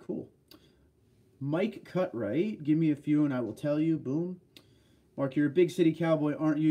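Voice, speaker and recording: A man hosts a relaxed livestream, answering viewer comments one after another. His voice sits a little high for a man but sounds dark and mellow. He keeps things chatty and friendly, greeting people by name. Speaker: livestream host. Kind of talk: casual livestream chat reading viewer comments.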